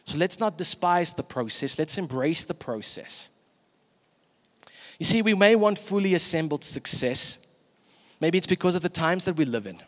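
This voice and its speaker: A man's voice: fairly high pitch, big-room sound. A man preaching a sermon in a church, emphatic and asking the congregation questions.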